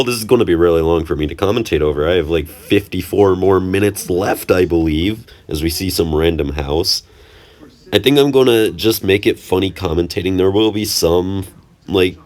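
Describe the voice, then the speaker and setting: Young male vlogger, low-pitched, loose joking voice-over with plenty of stumbles. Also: a little mellow. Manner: rambling, jokey, self-correcting. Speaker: channel host. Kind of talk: casual vlog commentary over trip footage.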